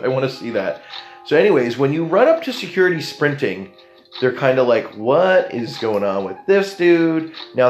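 A young Canadian man telling a story in a casual, animated way, jumping into the voices of the people in it. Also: medium pitch, reverberant.

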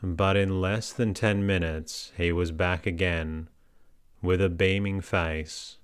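Male audiobook narrator, measured, low pitch, flat delivery, very clear and dry. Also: no echo. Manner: measured, steady.

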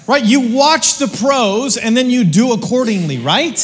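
High-voiced casual preacher in a big hall. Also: male voice, expressive, a little slow, a little hiss or hum. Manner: casual, joking, slangy preaching with lots of restarts. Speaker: pastor. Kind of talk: sermon.

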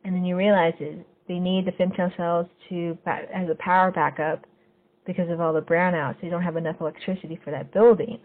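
A woman hosting a podcast, casually recapping a TV episode scene by scene and getting lively when she quotes the characters. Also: on the low side, brisk. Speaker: podcast host. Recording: phone-like narrow sound.

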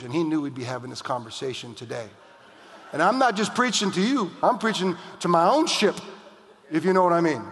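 A middle-aged American man preaching a sermon, mixing scripture with jokes and mock outbursts. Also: fairly high pitch. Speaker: pastor. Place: church hall. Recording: long reverb of a hall.

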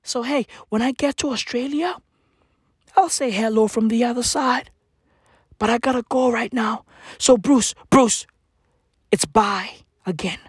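A woman's voice: on the high side, a little slow, pauses often, no room sound. A woman putting on a purring cat burglar lady, whispery and restless, slipping into meows, dry close sound. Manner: breathy whispers broken by meows.

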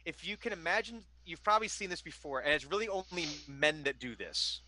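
A man running a tabletop game, narrating the scene in loose, rambling bursts with plenty of filler words. His voice sits a little high and comes across bright and forceful. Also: expressive, a little fast. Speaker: game master.

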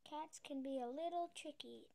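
A woman's voice: high-pitched, moderate pace, creaky, a little mellow. A woman voicing a kind young woman who runs a pet parlor in a storybook, sounding sweet and helpful.

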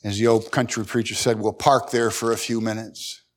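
A middle-aged man preaching a sermon, folksy and emphatic, climbing to loud high peaks and repeating words. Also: little pitch movement, normal speed. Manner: emphatic, rising loud at key points. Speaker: pastor.

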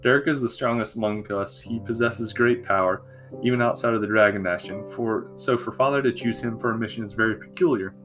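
Steady dutiful prince, measured formal talk, read by a man, low-ish. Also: soft background music, natural voice. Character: sensible young male prince, steady and dutiful.

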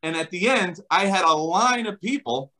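A middle-aged man with a New Jersey accent talks with eager conviction. His voice sits a little high and bright, and it swings widely as he stresses his points. He is an enthusiastic interview guest who laughs often. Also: expressive, normal speed, low-quality recording. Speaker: chiropractor guest. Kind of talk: animated interview talk.

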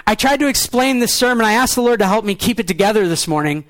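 A pastor, a young adult man with a very high voice, preaches with earnest feeling. He drops into quiet, low lines, then fires off quick pointed phrases. The sound is close and dry, with no room around it. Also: expressive, no echo. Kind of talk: sermon.

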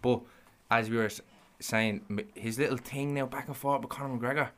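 A man co-hosting a laid-back podcast, with a mid-range voice. He delivers banter slowly in a deadpan, mock-serious tone, and a faint hiss sits under the recording. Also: medium pitch. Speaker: podcast co-host. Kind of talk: casual banter.

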